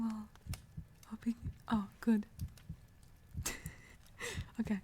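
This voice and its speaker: A woman whispering softly in an ASMR livestream, greeting viewers and answering chat, often sinking into a relaxed, lower voice. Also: slow pace, long pauses, a little hiss or hum. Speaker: livestream host.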